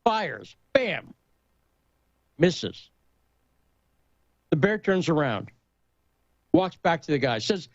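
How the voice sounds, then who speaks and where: A man in casual talk-show conversation, telling a story and joke with lively emphasis. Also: a little high, very slow, pauses often, no room sound, highs cut off.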